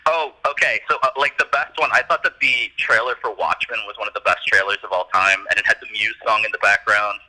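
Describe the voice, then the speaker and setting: A man co-hosting a casual comedy podcast, lively and laughing, wandering off on tangents. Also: lowish voice, fast, hardly any pauses, rough recording. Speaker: podcast co-host.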